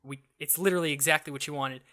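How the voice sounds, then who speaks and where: Young man, somewhat high voice, bright and forceful tone, casual podcast storytelling, animated, quick asides. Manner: animated, acts out quoted dialogue; restarts and fillers, quick asides. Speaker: podcast co-host.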